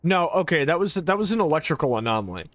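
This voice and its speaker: A woman's voice: low-pitched, big pitch swings, fast. A woman streaming a game live, chatting casually with viewers, rambling and swearing, with frequent fillers and laughs. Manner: reacts aloud to gameplay and answers chat. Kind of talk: casual gameplay livestream chat.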